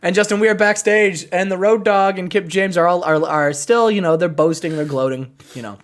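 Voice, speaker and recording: A man's voice: sits high, fairly quick. A man narrating a wrestling sim game playthrough for a co-host, acting out the promos in character voices.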